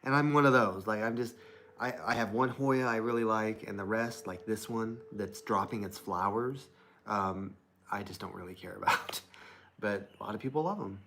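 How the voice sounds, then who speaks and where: A young man with a fairly low voice chats casually on a livestream, rambling and thinking aloud as he reads viewer comments. He speaks into a laptop mic at his desk. A faint hiss sits under his voice. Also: normal speed. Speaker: livestream host. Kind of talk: casual live-stream chat. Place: indoors at a desk with plants.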